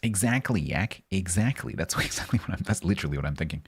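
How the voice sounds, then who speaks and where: A man's voice: low-pitched, expressive, quick pace, husky. A man live-streaming a game, chatting casually and jokingly with his chat.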